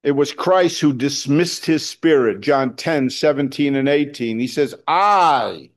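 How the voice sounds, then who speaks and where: A man's voice: a little high, lively intonation, unhurried. Man preaching a conversational sermon. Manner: conversational preaching, rising to loud emphasis, with fillers and restarts. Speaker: pastor.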